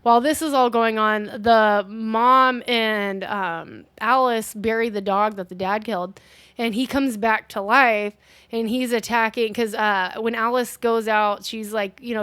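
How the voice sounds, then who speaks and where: A woman co-hosting a casual movie review, retelling scenes in animated detail and swearing freely. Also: on the high side, normal speed, smooth, no room sound. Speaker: podcast co-host.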